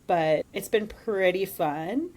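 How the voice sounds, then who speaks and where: A woman co-hosting a casual podcast, chatty and animated, laughing often. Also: mid-range voice, takes it slowly. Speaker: podcast co-host.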